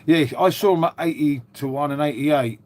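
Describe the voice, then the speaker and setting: A man's voice: a little high, normal speed, darkish tone. A middle-aged man chatting casually on a livestream, answering viewers and calling them mate. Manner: chatty, matey, peppers talk with "mate" and "um". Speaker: livestream host. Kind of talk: casual live chat with viewers.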